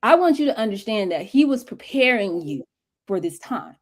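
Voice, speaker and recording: A woman's voice: on the high side, sing-song, moderate pace. A woman speaking as a guest mentor on a livestream interview, talking in an emphatic, preachy, colloquial way over a video call.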